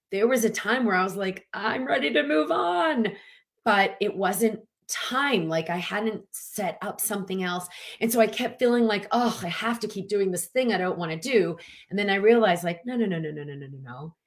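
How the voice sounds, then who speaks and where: A woman coach giving a casual, animated motivational talk, acting out little quotes and filling with "like". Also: medium pitch. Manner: animated, chatty, lots of "like" and acted-out quotes. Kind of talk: motivational talk to an online audience.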